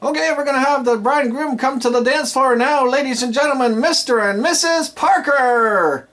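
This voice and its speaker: A man's voice: extremely high pitch, moderate pace, a bit bright, pitched above the performer's own voice. A man playing an enthusiastic DJ announcer who stretches his words into a big build-up. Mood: booming. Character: booming hyped-up male DJ announcer.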